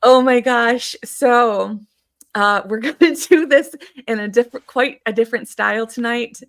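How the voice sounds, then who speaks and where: A woman co-host with a notably high voice, chatting casually. She speaks slowly and unhurriedly, with frequent giggles and self-deprecating remarks. Her sentences often fade into quiet, hesitant trails. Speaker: podcast co-host. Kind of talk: casual chat.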